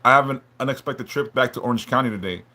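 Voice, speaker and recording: A man hosting a live stream, talking haltingly and emotionally, stumbling and repeating words, swearing a lot and apologizing for opening up. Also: mid-range voice, bright, forceful tone. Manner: apologetic and openly vulnerable. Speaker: livestream host reading chat.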